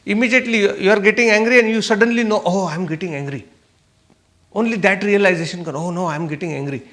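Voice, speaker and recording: A man's voice: sits high, pushed and bright. A man giving a spiritual talk to a meditation class, asking the room questions and answering them himself, often checking "okay?". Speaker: meditation teacher.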